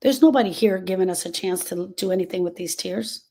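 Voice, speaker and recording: A woman's voice: fairly low pitch, brisk, gravelly, darkish tone. A woman hosting a live stream on grief, speaking earnestly and directly to viewers and repeating her key phrases for emphasis. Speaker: grief support host.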